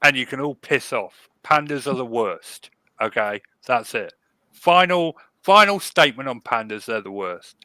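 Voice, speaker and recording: Sardonic man with a bright voice. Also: medium pitch, lively intonation, a little slow, no echo. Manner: sardonic, ranting. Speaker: podcast co-host. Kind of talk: casual chat.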